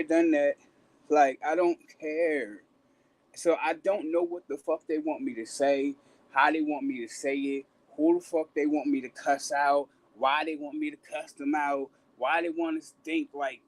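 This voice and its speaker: Man, slightly high pitch, blunt, profane, animated, casual talk stream chat. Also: low-quality recording.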